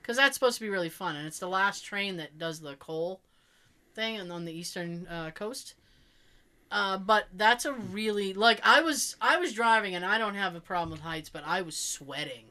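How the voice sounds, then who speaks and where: A woman's voice: medium pitch, normal speed. A woman with a Boston accent, chatting casually as a podcast host, telling stories with lots of laughter and the odd swear. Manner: animated storyteller, laughs often, swears casually. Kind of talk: casual chat.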